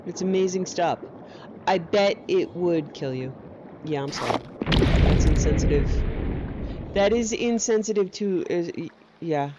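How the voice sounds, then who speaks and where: A woman with a low-leaning voice and a measured pace streams gameplay against a noisy background. She coos at her companion in baby talk and keeps up jokey, teasing commentary that pokes fun at herself.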